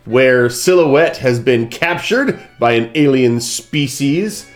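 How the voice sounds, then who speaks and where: A man's voice: medium pitch, lively intonation, slow pace, hardly any pauses, soft background music. Rambling man running a tabletop game. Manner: chatty, rambling with many fillers. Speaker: game master. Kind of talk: casual live-stream game hosting.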